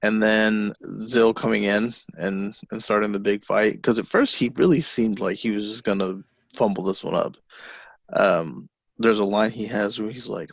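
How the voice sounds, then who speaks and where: A man co-hosting a podcast, retelling comic book scenes in a lively, animated way. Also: on the low side, normal speed, creaky, dry recording. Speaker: podcast co-host. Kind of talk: casual chat about a comic.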